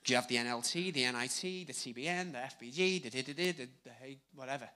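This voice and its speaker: A man with a Liverpool accent preaching a live sermon on a handheld microphone, conversational and swinging between loud emphasis and hushed asides. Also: medium pitch, quick pace, slight background noise. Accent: Liverpool (Scouse). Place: church hall with congregation.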